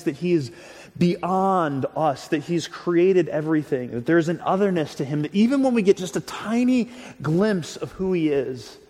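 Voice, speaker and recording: Male pastor, mid-pitched, earnest and conversational sermon delivery, long hall echo. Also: darkish tone. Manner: earnest, conversational, with frequent restarts and repeated words.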